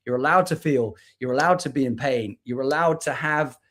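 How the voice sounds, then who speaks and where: A man's voice: mid-range voice, normal speed, fairly bright tone. A British man from the United Kingdom, a spoken word artist talking as a guest on a livestream over a video call, earnest and reflective, often restarting his words. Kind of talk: candid conversation on a livestream.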